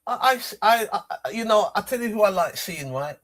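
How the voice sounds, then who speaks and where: Streamer: man, high voice, rambling and emotional, repeats himself a lot. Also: animated, moderate pace, a bit bright. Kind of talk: casual rambling monologue.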